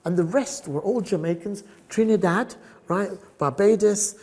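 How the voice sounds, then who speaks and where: An older man from South Africa, a photographer telling stories as a podcast guest, lively and often laughing. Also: sits high, measured pace. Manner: animated, acts out other people's voices, laughs often. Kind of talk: storytelling podcast interview.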